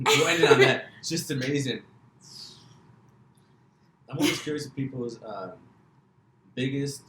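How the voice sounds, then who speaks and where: A man with a Chicago accent hosting a casual podcast interview, joking and teasing his guest. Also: on the low side. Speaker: podcast host. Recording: roomy with faint noise.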